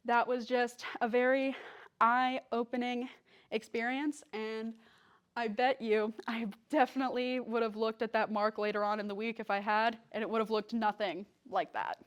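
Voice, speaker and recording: A woman's voice: on the high side, steady tone, normal speed, clear, resonant tone, muffled recording. A young woman, a guest speaker, telling a personal story to a church congregation in a casual, chatty way with many fillers. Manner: casual storytelling with fillers, acts out quoted lines.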